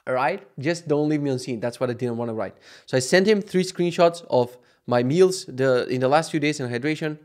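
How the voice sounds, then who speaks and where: A man's voice: mid-range voice, brisk, darkish tone. A man hosting his own podcast, talking casually, swearing often and wandering off on tangents. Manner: profane, ranting, wandering off on tangents. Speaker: podcast host. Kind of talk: casual rambling monologue.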